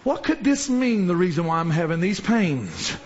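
High-voiced man preaching fervently. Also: sing-song, moderate pace, highs cut off. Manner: fervent preaching, swinging from shouts to low murmurs. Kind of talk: sermon.

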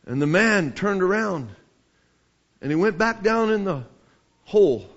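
A man preaching a sermon, telling a story with passion and rising to shouts, with many restarts. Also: high-pitched, animated, a little slow. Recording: dull lo-fi sermon recording.

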